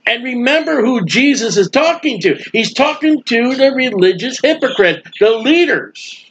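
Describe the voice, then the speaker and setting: A man preaching a sermon in a folksy, animated way, acting out the voices of people he quotes. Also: very high-pitched, moderate pace, lo-fi sound, slight background noise. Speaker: street preacher.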